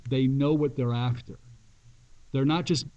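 A male pastor telling a dramatic story in a sermon, emphatic and with long pauses. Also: medium pitch, steady tone, mellow, lo-fi sound.

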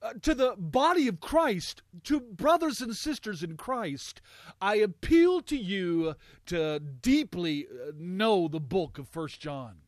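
A man with a high voice delivers a sermon in slow, deliberate phrases. He leans hard on repeated words, swelling to loud peaks and sinking to near murmurs. The sound is dry and close, with no room around it. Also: very animated, no echo. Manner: emphatic, rising to loud peaks and dropping low. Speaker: preacher.

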